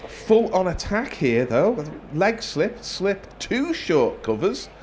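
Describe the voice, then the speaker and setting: A man giving ball-by-ball cricket commentary in a measured, wry way, lifting his voice when a wicket falls. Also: high-pitched, big pitch swings, darkish tone, a little hiss or hum. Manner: wry, measured, quick to joke.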